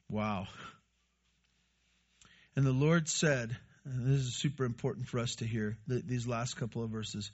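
A man's voice: medium pitch, normal speed, long pauses, a little mellow, husky, dull audio. A male pastor giving a conversational sermon and putting questions to his congregation.

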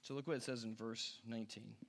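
A middle-aged man preaching a sermon, animated and jokey, acting out characters in quick asides. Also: mid-range voice, creaky. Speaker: pastor.

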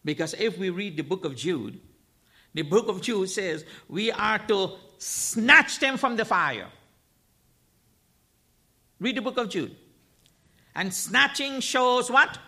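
A man preaching as a guest speaks slowly in a high, bright, forceful voice with lively intonation and frequent pauses. He drives his message home emphatically through repeated phrases and rhetorical questions directed at the congregation.

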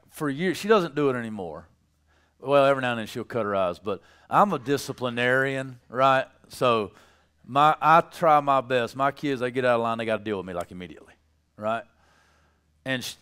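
A man preaching a sermon, telling stories about his children, laughing at his own tales and building to loud emphasis. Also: mid-range voice, clean tone. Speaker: pastor.

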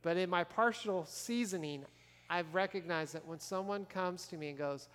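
A man's voice: high voice, moderate pace, a bit bright. Man preaching in an echoing church hall. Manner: conversational preaching, asks the congregation questions. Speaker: pastor. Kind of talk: sermon. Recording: long reverb of a large church hall.

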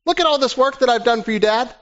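A man's voice: extremely high pitch, fast, a bit bright, voice pushed up. A man voicing a resentful, self-righteous older brother complaining to his father. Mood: indignant. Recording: dull lo-fi recording.

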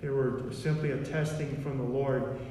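A pastor preaches a sermon in a church, repeating himself with emphasis. His voice is medium in pitch, steady and dark, at a moderate pace. The recording is distant and echoey like a hall, with slight background noise.

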